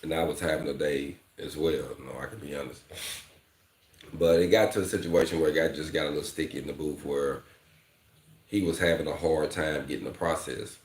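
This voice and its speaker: Male welding coach, very deep voice, speech, loose slangy vlog chat, echoey room. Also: fairly even intonation, fairly quick. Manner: candid, repeats "fam" and "you know", slangy. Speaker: welding instructor. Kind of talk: casual vlog talk to viewers.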